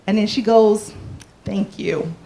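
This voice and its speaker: A woman's voice: medium pitch, slow, dark tone. A woman performing a stand-up comedy set. She is playful and self-mocking, and she acts out the voices of the people in her stories.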